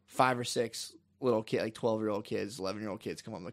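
A man in his thirties telling stories in casual chat, animated, swearing and slipping into voices. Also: fairly low pitch, quick pace, no room sound. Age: 30s.

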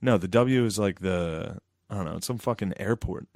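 A man's voice: deep voice, normal speed, gravelly, a little mellow, no room sound, clean studio sound. A man in casual podcast chat, laid-back and swearing. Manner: laid-back, profane banter. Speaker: podcast co-host.

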